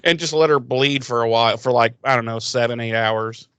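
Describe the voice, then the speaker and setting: A man co-hosting a podcast in casual chat, retelling a TV episode with animated acted-out lines. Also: medium pitch, brisk, smooth, no room sound. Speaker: podcast co-host.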